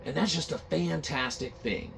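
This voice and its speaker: A man's voice: a little high, normal speed, gravelly, fairly bright tone, slightly rough. A man hosting a comedic gaming news show, rambling and cursing freely as he jokes. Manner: profane, rambling, joking. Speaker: podcast host.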